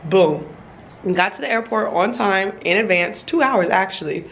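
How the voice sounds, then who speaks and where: A woman's voice: mid-range voice, lively intonation, normal speed, creaky. Young woman vlogger, twenties, hungover, slangy and chatty; faint noise on the track. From Los Angeles. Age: 20s. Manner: chatty, slangy, laughing often. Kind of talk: casual vlog chat. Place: hotel room.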